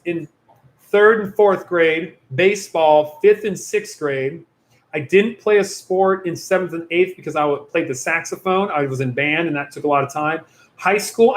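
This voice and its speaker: Youth pastor guy chatting on a stream, kinda high voice, rambly, echoey room. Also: fairly bright tone. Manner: rambling, chatty, self-interrupting. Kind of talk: casual livestream Q&A. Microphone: computer or phone mic on a video stream.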